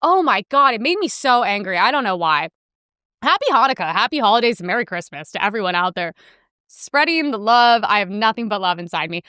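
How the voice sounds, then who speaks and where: A young woman hosting a podcast, ranting in casual profane commentary and mimicking people in sharp outbursts. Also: medium pitch, big pitch swings, fairly quick, smooth, no room sound, clean studio sound. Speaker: podcast host.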